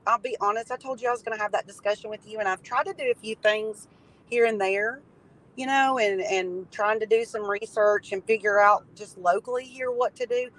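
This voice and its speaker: Guest with a Tennessee accent, casual chat, halting and earnest, mid-range voice. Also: medium pitch, fairly even intonation, a bit bright, rough recording. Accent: Tennessee Southern.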